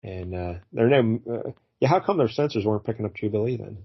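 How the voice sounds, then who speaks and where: A man's voice: on the low side, lively intonation, fast, vocal fry, slightly rough. Man, podcast host, casual comic review, rambling, slightly dull sound. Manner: rambling, with many fillers and restarts.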